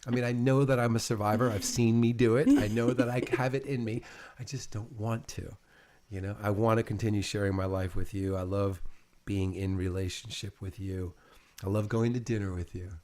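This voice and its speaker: A middle-aged host interviews his partner in an intimate, casual chat, rambling, repeating words, and often getting emotional. His voice is fairly low and a little mellow, with a steady tone, and he talks a little fast.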